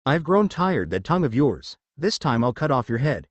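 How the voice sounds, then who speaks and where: A hostile male shape-shifting creature, spitting cold, contemptuous threats, read by a man. The voice moves lively up and down and sits dry and close to the mic, with no room around it. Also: medium pitch, normal speed, no echo. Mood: menacing.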